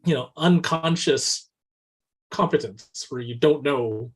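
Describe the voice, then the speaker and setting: A man's voice: on the high side, takes it slowly, breathy edge. A man co-hosting a casual business podcast, talking animatedly, acting out little dialogues and tagging nearly every point with "right?". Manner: animated, says "right?" constantly, acts out quoted dialogue. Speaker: co-host.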